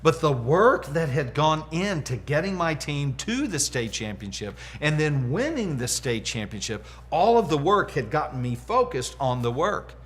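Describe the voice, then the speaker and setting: A middle-aged man teaches leadership in a lively motivational talk. His voice sits a bit high for a man, and he acts out what people said as he tells his stories. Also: normal speed, few pauses. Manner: animated storyteller acting out quotes. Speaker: leadership coach.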